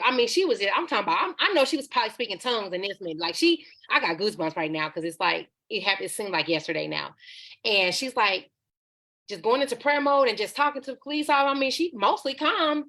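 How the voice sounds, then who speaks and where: A woman's voice: a little high, quick pace, sharp tone. A woman guest on a podcast, telling a personal story in a candid, conversational way. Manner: candid, conversational, slips into acted quotes.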